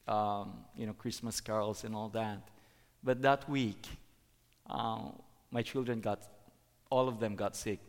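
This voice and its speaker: A middle-aged man giving a sermon as a preacher, halting, with many fillers and restarts. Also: mid-range voice, clean tone. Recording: long hall reverb.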